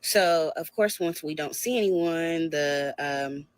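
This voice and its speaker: A woman casually telling a dating story in an animated, conversational way. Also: low voice, takes it slowly.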